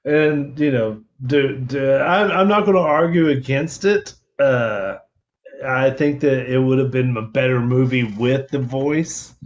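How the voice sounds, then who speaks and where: A man's voice: medium pitch, measured pace, muffled recording. A man co-hosting a podcast in casual chat, hesitant, giving short laughing reactions. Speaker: podcast co-host.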